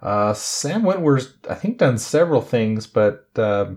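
A man's voice: medium pitch, very animated, measured pace, darkish tone, breathy edge. A man co-hosting a podcast in a casual chat, laughing often and giving tentative answers. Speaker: podcast co-host.

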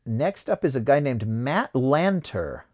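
Chatty podcast host with a lively voice. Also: male voice, medium pitch, unhurried. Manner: chatty, reads names off a list and looks them up. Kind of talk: casual chat.

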